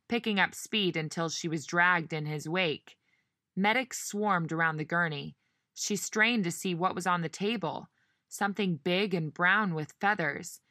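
A woman narrating a novel in measured storytelling style, giving each character a voice. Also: fairly low pitch, pushed and bright, dry recording, studio quality. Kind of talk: audiobook narration.

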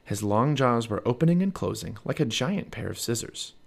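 A man narrating a children's storybook aloud as a parent, with an expressive read-aloud delivery. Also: mid-range voice, normal speed, vocal fry.

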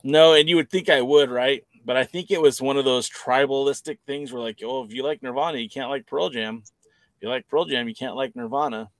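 A man's voice: mid-range voice, a little fast, dry recording. Rambling man chatting on a podcast. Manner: rambling, opinionated, self-correcting. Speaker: podcast co-host. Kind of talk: casual chat.

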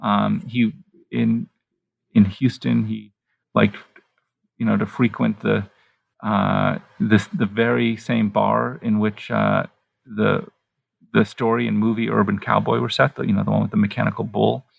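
A man with a deeply gravelly, husky voice, pitched a little low, explaining his book in a thoughtful interview. He speaks haltingly, pausing and restarting his sentences as he works out his thoughts. The sound is close and dry. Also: little pitch movement, no echo, phone-quality sound. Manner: halting, thinks aloud with many pauses and restarts. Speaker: author being interviewed.

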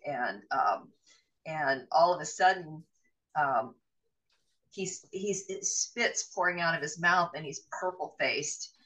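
A middle-aged woman, a podcast guest, telling a personal story in an animated way and acting out the voices of others. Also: sits low, slow pace, recorded from a distance, poor audio.

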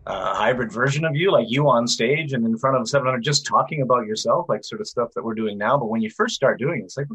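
A man's voice: medium pitch, fast talker, few pauses, slightly rough, low-quality recording. A male actor in casual, rambling conversation on a video call. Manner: rambling, animated storyteller. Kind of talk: casual chat.

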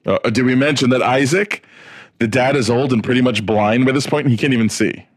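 A man co-hosting a podcast, excitable and giggly as he retells the story in casual chat. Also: medium pitch, brisk. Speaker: podcast co-host.

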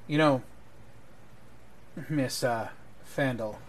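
A man voicing a cold, menacing male noble in a tabletop game, speaking slowly and quietly. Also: mid-range voice, slight background noise, poor audio.

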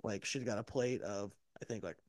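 A man's voice: fairly low pitch, normal speed, no echo, clean studio sound. A man co-hosting a podcast, chatting casually and telling stories that ramble and trail off. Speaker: podcast co-host. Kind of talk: casual chat.

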